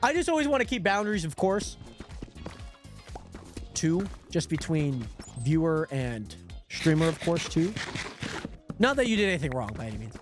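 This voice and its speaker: Young male streamer, high voice, very animated, chatty and excitable, faint music under it. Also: normal speed, pauses often. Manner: excitable, talks to chat by name, lots of "like" and "hold on". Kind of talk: casual livestream chat while gaming.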